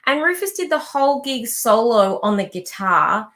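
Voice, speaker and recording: A woman's voice: a little high, sing-song, moderate pace, a bit bright. A woman, a musician guest, telling stories in a casual chat and swearing casually. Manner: chatty storyteller, swears casually.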